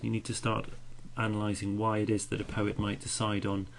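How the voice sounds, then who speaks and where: A man's voice: fairly low pitch, completely flat delivery, fairly quick, gravelly, slight background noise. A man teaching a recorded poetry lesson, patiently explaining meter and beating out the stresses aloud.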